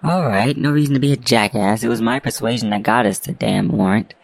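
A man's voice: medium pitch, brisk, vocal fry, no echo. A man reading a story aloud, voicing a tough, sarcastic young woman detective with curt, snappy retorts. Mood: wry.

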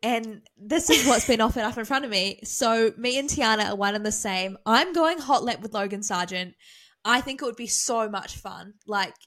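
A woman's voice: a little high, normal speed, fairly bright tone, rough recording. A woman podcast host leading a segment in a mock news-reporter manner. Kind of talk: casual podcast chat.

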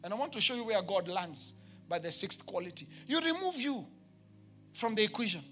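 A man with a Kenyan accent preaching a sermon to his church, emphatic, with shouted peaks and comic asides. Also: high voice, animated, fairly quick, soft background music. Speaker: pastor.

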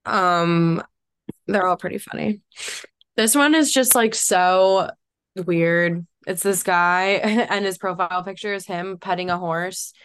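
A young woman co-hosting a podcast, talking in casual chat full of "like" fillers and quick laughs. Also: fairly low pitch, steady tone, clean tone, no room sound, studio quality. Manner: chatty, frequent "like" fillers, laughs often. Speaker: podcast co-host.

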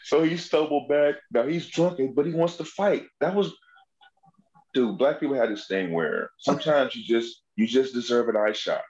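A man's voice: medium pitch, normal speed, highs cut off. A man on a comedy podcast telling road and prison stories in casual, profane chat, acting out the voices of people in them. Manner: animated, profane, acts out quoted voices. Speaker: comedian guest.

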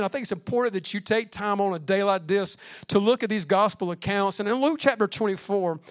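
High-voiced preaching pastor. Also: male voice. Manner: preaching with swings from loud emphasis to hushed, slow delivery; calls out "Amen" between points. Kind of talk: sermon.

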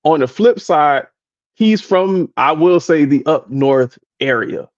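A man in casual podcast chat, telling an animated story full of impressions and laughter. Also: fairly high pitch, takes it slowly, no room sound, muffled recording. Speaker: podcast co-host.

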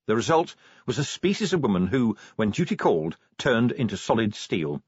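A man narrating an audiobook in an expressive storytelling manner, switching into character voices. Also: medium pitch, normal speed, slightly rough, no room sound. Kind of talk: scripted narration. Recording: dull dry lo-fi audiobook recording.

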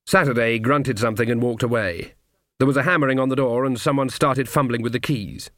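A male audiobook narrator who tells the story in a measured, wry manner. His voice sits at an ordinary pitch for a man and is recorded close and very dry in a studio, with no room sound. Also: fairly even intonation, fairly bright tone, dry recording.

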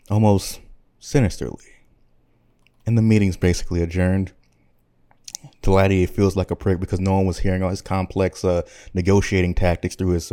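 A man's voice: low-pitched, mellow, dry recording, studio quality. A man hosting a podcast, telling a rambling comic story in slangy casual speech. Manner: rambling, slangy, with self-corrections. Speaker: podcast host. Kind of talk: comedic storytelling.

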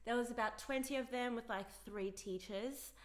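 A woman's voice: on the high side, normal speed. A young Australian woman co-hosting a casual podcast chat, telling rambling stories between frequent giggles. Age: young adult. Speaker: podcast co-host.

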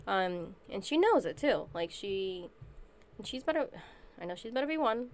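A woman co-hosting a podcast, telling stories in a relaxed, casual chat. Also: mid-range voice, normal speed, a little hiss or hum. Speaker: podcast co-host.

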